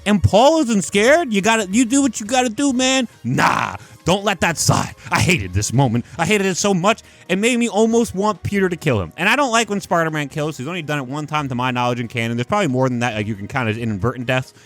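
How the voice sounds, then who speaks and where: A man with a high voice rants in casual commentary. He sounds exasperated and mocking and swears freely. Faint music plays softly behind him. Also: very animated, a little fast, hardly any pauses. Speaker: comic commentary host.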